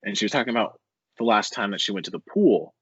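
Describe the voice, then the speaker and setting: A young man talking as a podcast guest, telling a rambling, animated story full of swearing and filler words. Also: on the low side, quick pace, slightly rough, no room sound. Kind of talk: casual storytelling interview. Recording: dull, dry lo-fi recording.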